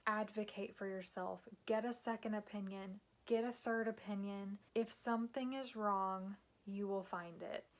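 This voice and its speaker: A woman in her thirties telling her own story to camera in a candid, emotional way. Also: medium pitch. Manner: candid and emotional, with some soft hushed passages. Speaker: vlogger.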